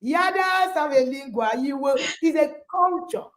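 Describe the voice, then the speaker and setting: A woman hosting a parenting livestream, exuberant and animated, laughing often. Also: sits high, unhurried. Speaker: host and parenting coach. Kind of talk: livestream interview.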